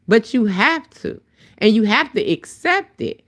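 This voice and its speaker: A woman with a deep voice and a dry throat, talking bluntly and heatedly in a casual livestream chat on her phone. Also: sing-song, a little slow. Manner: blunt, profane, heated storytelling. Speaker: livestream host.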